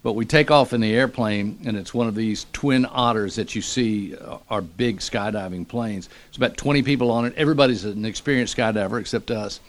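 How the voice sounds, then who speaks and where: A middle-aged man, a radio morning show host, telling a story in a lively, animated way. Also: fairly low pitch, a little fast, hardly any pauses. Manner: animated storyteller, acts out quotes. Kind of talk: casual storytelling.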